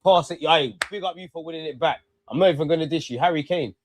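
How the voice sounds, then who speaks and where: A young man giving excitable live commentary on a match, calling out to players and the referee and swearing. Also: fairly high pitch, fast talker, slight background noise. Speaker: football fan streamer.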